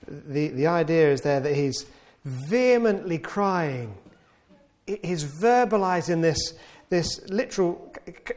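A man delivering a sermon in a fairly high voice that swings widely in pitch. He repeats key words for emphasis and stumbles now and then. When quoting a plea, he lifts his voice into a pleading tone. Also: unhurried. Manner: animated, voices the psalmist's pleas in a raised pleading tone. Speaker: preacher.

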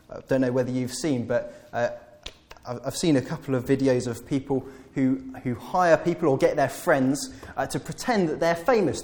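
A man delivers a sermon at a middle pitch, earnest and explanatory. He often backs up and restarts a phrase before pressing on, in the steady cadence of a pulpit talk. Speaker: preacher.

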